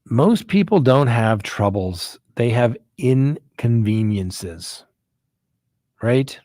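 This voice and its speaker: A man's voice: mid-range voice, animated, very slow, warm tone, no echo, clean studio sound. A man hosting a live show as a criminal defense attorney, talking casually in a folksy way with frequent "right?" asides. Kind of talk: casual live-stream talk.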